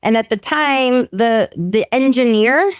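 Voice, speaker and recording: Middle-aged woman, smooth clear voice, dry sound, chatty and laughing a lot. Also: on the high side, unhurried, no echo. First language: French. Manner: animated storytelling, laughs often, acts out quoted dialogue. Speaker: veterinary oncologist guest. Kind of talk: casual podcast interview.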